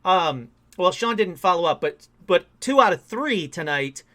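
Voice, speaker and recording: A podcast host chatting with a caller. He is excitable and enthusiastic, and he reacts with loud surprise. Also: high-pitched, unhurried. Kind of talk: casual call-in show chat.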